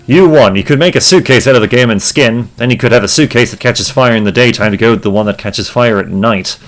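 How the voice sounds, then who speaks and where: A man's voice: mid-range voice, fast talker. A man hosting a let's play, muttering wry, casual commentary and reading game text aloud.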